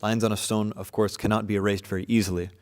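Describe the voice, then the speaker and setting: Casual low-voiced man teaching a class. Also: flat delivery, quick pace, darkish tone, big-room sound. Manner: casual, many fillers and restarts. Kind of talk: informal scripture class. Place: room with devotees present.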